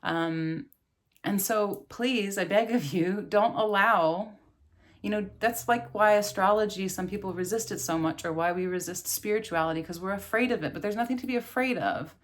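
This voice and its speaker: A woman's voice: medium pitch, moderate pace. A woman in her thirties, a yoga and meditation teacher, giving an earnest, casual spiritual talk and laughing often.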